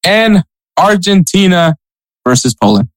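A man's voice: sits high, sing-song, measured pace, no room sound, low-quality recording. A man co-hosting a casual soccer podcast, chatting with frequent laughs and reading sponsor spots. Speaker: podcast co-host.

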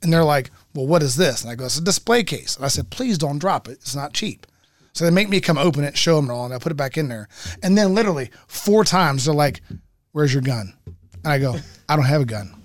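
Fast-talking, profane man telling a story. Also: a little high, no room sound, studio quality. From United States. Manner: animated, profane storytelling, acting out both sides of a dialogue. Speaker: storyteller in a casual group chat. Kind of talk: casual chat.

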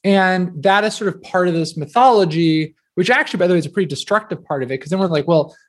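New jersey guy in his thirties, kinda high voice, rambly casual podcast chat w lots of likes. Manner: chatty, quick, filler-heavy with many "like"s. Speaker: guest author.

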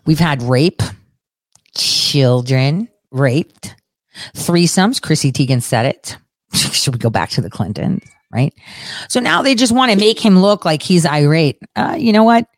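A woman's voice: low-pitched, animated, measured pace, no room sound. Blunt, profane woman ranting on politics. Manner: blunt, profane, sarcastic, laughs often. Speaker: political commentary host. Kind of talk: casual ranting commentary.

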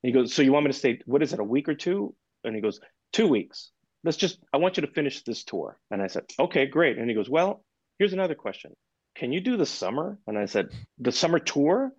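Animated storytelling man, dry dull audio. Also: medium pitch, fairly quick, slightly rough, dry recording. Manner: animated anecdote-telling, acts out quoted dialogue. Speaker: guest percussionist. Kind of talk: storytelling in a podcast interview.

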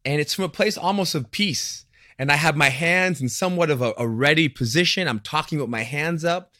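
A man in casual podcast conversation, talking in an animated way and acting out the voices he quotes. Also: a little high, normal speed, no echo, clean studio sound.

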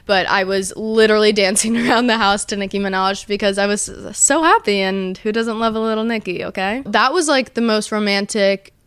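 A woman's voice: mid-range voice, brisk, few pauses, a bit bright, smooth, no echo. A woman in her early twenties hosting a casual vlog, gushing and chatty, with a lot of "like" in her storytelling. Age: early 20s. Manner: bubbly, gushing, says like a lot. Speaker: host.

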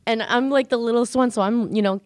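A woman's voice: a little high, a little fast, no room sound. A woman raised in Canada, telling a personal story in casual chat and acting out the quotes with animation. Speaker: guest storyteller.

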